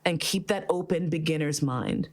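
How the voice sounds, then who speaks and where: A woman's voice: low voice, moderate pace. A woman hosting a podcast, telling stories in casual chat, swearing freely and laughing often. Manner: profane, animated, laughs often. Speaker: podcast host.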